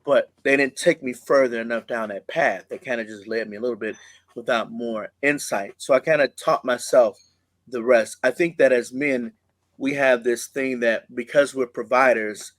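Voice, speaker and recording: A man speaking thoughtfully and sincerely in a measured way, reflecting on his upbringing as a podcast co-host. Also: mid-range voice, a bit bright, no room sound. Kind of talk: reflective conversation.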